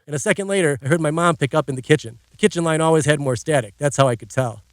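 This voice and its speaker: A man's voice: a little high, fast, hardly any pauses, no echo. A man narrating a first-person audiobook in a wry, dry storytelling manner.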